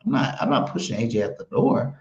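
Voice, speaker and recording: A man's voice: medium pitch, a little fast, a little mellow. A man co-hosting a casual sports talk show, arguing his point with emphasis. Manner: argumentative, emphatic. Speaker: co-host. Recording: roomy, dull lo-fi sound.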